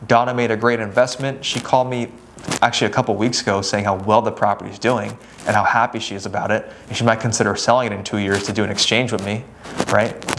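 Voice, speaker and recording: A young man speaks in a relaxed talking-head style, explaining deals and acting out client talks. His voice sits in a middle range and keeps a conversational flow. A faint hiss runs under the recording. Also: medium pitch. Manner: conversational, with many "right?" tag questions and acted-out client dialogue. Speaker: real estate agent and educator. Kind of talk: casual talking-head advice.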